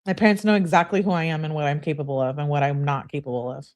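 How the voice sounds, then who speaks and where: A woman's voice: deep voice, fairly even intonation, fast talker, a little mellow. A young woman who hosts a true crime channel, reading text messages aloud and breaking in with emphatic, indignant remarks.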